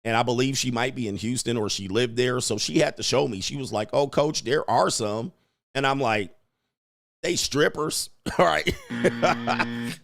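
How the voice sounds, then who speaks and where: A man's voice: medium pitch, normal speed, vocal fry, a bit bright, dry recording, clean studio sound. A man hosting a live stream as a dating coach, rambling crudely, reading viewer questions and putting on mock voices.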